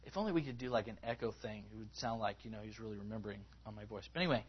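A man preaching a conversational sermon to a congregation, acting out people's words in a higher voice as he quotes them. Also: very fast, few pauses, breathy edge. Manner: conversational, rising in pitch when acting out quotes. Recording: slightly dull, lo-fi recording.

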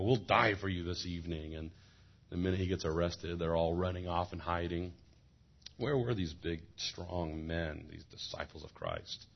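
A male pastor with a very low, husky voice, preaching with animated emphasis and joking asides and often repeating his words. The sound is dull and muffled, like a lo-fi sermon recording.

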